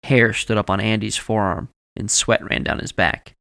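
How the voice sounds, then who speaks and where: A man reading a novel aloud as audiobook narrator, telling the story in a measured way and voicing each character. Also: on the low side, gravelly, bright, forceful tone, no room sound, clean studio sound. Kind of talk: scripted narration.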